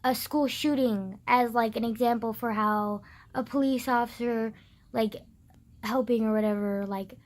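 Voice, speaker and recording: A young vlogger with a high-leaning, darkish voice speaks a little slowly and with fairly even intonation during a casual rant. Exasperated and sarcastic, she fills her talk with "like," swears, and parodies other people in exaggerated put-on voices.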